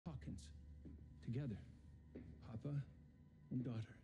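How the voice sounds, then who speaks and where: An older man playing a cold, controlling scientist father figure in a screen drama, speaking calmly and coaxingly, heard as distant film audio with a music score behind. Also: medium pitch, a little slow, breathy edge, muffled recording.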